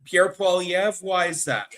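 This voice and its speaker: A man hosting a casual talk radio chat, slow, chatty and rambling. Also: high voice, fairly bright tone. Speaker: host.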